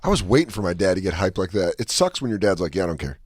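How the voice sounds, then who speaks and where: A man's voice: low voice, sing-song, fast talker, breathy edge, no room sound, clean studio sound. A man on a comedy podcast, joking in casual chat and jumping into improvised bits. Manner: playful, jumps into improvised characters. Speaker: podcast co-host.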